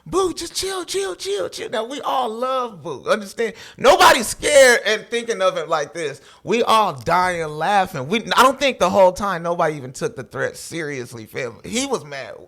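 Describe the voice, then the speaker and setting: A man's voice: high voice, lively intonation, moderate pace, hardly any pauses, a bit bright. A man, a comedian guest, telling a story in loose slangy talk, swearing and laughing as he goes. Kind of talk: animated storytelling with quoted voices.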